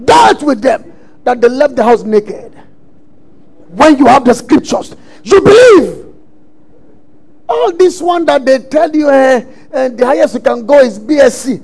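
A man preaching a sermon, emphatic and often shouting lines as he acts out quotes. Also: very high voice, sing-song, slow pace, creaky, slightly rough.

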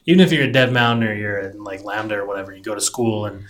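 A man co-hosting a casual talk show about design work, rambling and relaxed with lots of fillers. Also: fairly low pitch, quick pace. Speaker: podcast co-host, designer. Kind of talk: casual chat.

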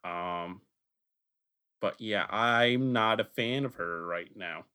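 Male podcast host, lowish voice, casual and profane, quick to laugh. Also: sharp tone, smooth. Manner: joking, swearing, laughs often.

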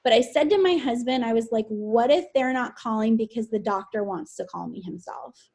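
A young woman speaking as a podcast guest in an emotional personal interview, soft-spoken and halting, with many fillers. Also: a little high.

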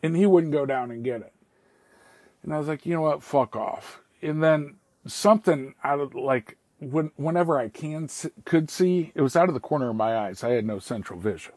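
Guy rambling thru a story, cussing, kinda raspy, low warm tone. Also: moderate pace, no echo. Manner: rambling, profane, quotes people with "I was like". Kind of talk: casual spoken anecdote.

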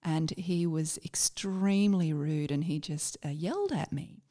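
A middle-aged Australian woman, a former army officer, telling a personal story in a reflective, halting way with many fillers. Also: sits low, mellow.

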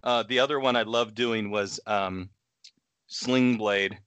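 A man's voice: lowish voice, steady tone, slow, a bit bright, smooth, no room sound. A man co-hosting a casual podcast chat, rambling, trailing off and laughing often. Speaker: podcast co-host.

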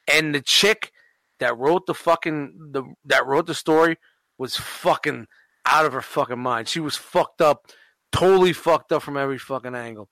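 Male podcast co-host, bright and dry, rambling and profane. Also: on the high side, normal speed, dry recording. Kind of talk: casual podcast chat.

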